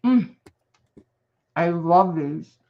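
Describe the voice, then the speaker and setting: A woman's voice: on the low side, lively intonation, very slow, highs cut off. A woman chatting casually while crafting, rambling through family stories with giggles.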